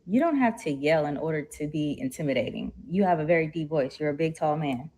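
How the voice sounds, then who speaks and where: A woman's voice: low voice, expressive, brisk, dark tone. A woman playing a girlfriend in a comedy skit, defensive and accusing.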